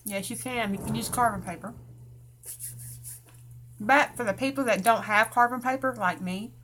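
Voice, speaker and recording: A Tennessee woman with a Southern country accent hosts a live craft tutorial, chatting in a folksy way and greeting viewers by name. Her voice sits on the high side, a bit bright, at a normal speed. There's a little hiss or hum in the recording.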